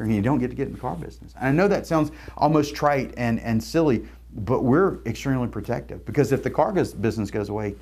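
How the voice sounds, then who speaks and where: Earnest business owner, gravelly low male voice, storyteller. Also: darkish tone. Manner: earnest, storytelling, repeats words. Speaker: recruiting firm owner. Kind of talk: promotional talk to camera.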